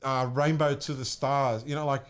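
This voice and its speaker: A young man from Australia, telling an excited story in a casual chat and acting out what people said. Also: mid-range voice, moderate pace, clear, resonant tone. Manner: excited, animated, acts out quotes. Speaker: guest, music producer.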